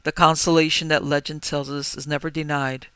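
A man narrating a gothic horror story in a measured, grave manner. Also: on the high side, little pitch movement, smooth, dry recording. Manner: measured, grave, rising to forceful cries. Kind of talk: dramatic gothic story reading.

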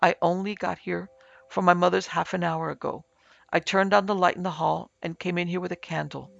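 A man doing a weak, shaken old-fashioned gentleman. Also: sits high, little pitch movement, a little fast, creaky, full character voice. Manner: weak, faltering. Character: shaken middle-aged English baronet, weak and unnerved. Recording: slightly muffled with soft music.

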